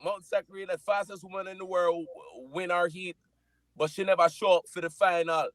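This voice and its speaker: A man doing a loud put-on Jamaican accent. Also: level tone, brisk, crowd noise, natural voice. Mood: boastful. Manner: loud, playful, pitch jumping high. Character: boisterous put-on Jamaican man, boastful and teasing.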